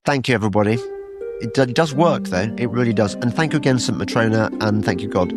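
A man's voice: on the low side, expressive, fast, loud music behind the voice. A man hosting a casual podcast chat, often stumbling and restarting his sentences. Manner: hesitant, stammering restarts. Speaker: podcast host.

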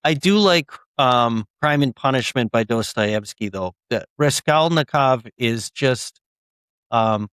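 A man's voice: medium pitch, animated, takes it slowly, a bit bright, smooth, no echo. A young man, an author guest in a casual interview, speaking earnestly with frequent ums and restarts.

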